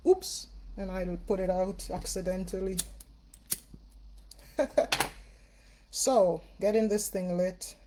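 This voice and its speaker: Slow and mellow, pausing often, a woman with a mid-range voice and a Jamaican accent chats through a casual livestream from her Jamaican home as a spiritual reader. She greets viewers by name and leans on many fillers, with slight background noise behind her.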